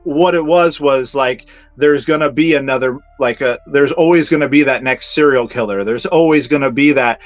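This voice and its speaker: Co-hosting a casual movie review podcast, a medium-pitched man talks at normal speed with hardly any pauses, yet sounds hesitant and rambles through restarts. The recording is dry, slightly dull and lo-fi, with faint music.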